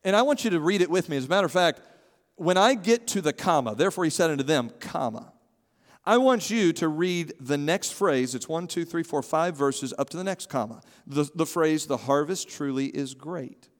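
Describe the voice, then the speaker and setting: A male pastor delivers an animated sermon in a fairly high voice. He keeps drawing the congregation in to read along and answer back. The room gives his words a long, ringing reverb. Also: normal speed. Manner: animated, calls on the congregation to respond. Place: church sanctuary.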